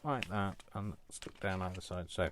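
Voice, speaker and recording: A low-pitched man talks through a craft tutorial in a room at home. He rambles, mutters to himself and jokes at his own expense. Faint clicks and hiss sit under his voice. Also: normal speed, a bit bright. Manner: rambling, self-mocking, chuckles to himself. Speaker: crafting video host. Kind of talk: casual crafting tutorial talk.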